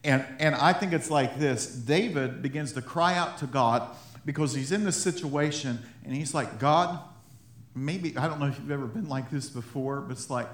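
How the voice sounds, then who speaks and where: A man's voice: medium pitch, normal speed. A man preaching a sermon as pastor, talking to the congregation in a conversational way, repeating himself and chuckling as he goes. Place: church sanctuary. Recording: echoey church sanctuary.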